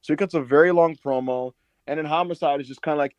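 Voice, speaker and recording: A man co-hosting a casual wrestling podcast, telling a long story with lots of swearing and high mock voices for the people in it. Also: fast, no room sound. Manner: animated storyteller, swears a lot, acts out others in high put-on voices. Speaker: podcast co-host.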